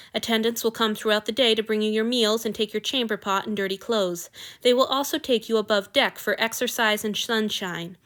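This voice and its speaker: A woman's voice: a little high, a bit bright, lightly acted. Woman reading as a curt ancient vampire god. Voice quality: curt, commanding. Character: stern, aloof male vampire god, ancient. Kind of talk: audiobook fan fiction reading.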